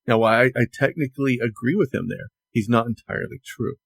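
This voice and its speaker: A man co-hosting a casual podcast, chatting and relaying news with halting restarts. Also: medium pitch, vocal fry, slightly rough, no room sound. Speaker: podcast co-host.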